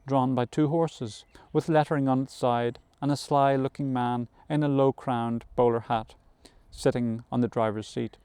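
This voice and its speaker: A man narrating a novel aloud as an audiobook reader, in a measured storytelling manner that includes occasional self-corrections. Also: mid-range voice, fairly even intonation, dark tone, smooth, dry recording.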